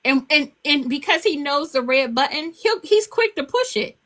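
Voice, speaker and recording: An older woman chatting as an interview guest, with a high, lively, bright voice that swoops up and down. She talks casually and animatedly, laughing as she tells her stories. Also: normal speed. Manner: animated, laughing, acts out quotes in a high child voice. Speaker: author and guest.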